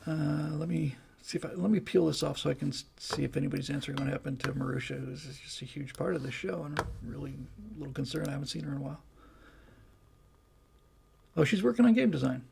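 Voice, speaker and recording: A man's voice: fairly high pitch, quick pace, vocal fry, darkish tone, slight background noise. A man hosting a casual livestream, rambling and chatty as he reads out viewer comments. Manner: rambling, chatty, with many restarts and fillers. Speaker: livestream host.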